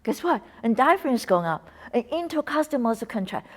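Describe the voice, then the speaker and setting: A woman's voice: fairly high pitch, very animated, fairly quick. Woman coaching a breathing lesson. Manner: coaching, encouraging, slips into soft whispers on cues. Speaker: wellness instructor.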